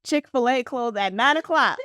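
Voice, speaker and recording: A woman's voice: fairly high pitch, animated, moderate pace, fairly bright tone, no echo, clean studio sound. A woman guest on a podcast in casual chat, rambling with lots of fillers and easy laughs.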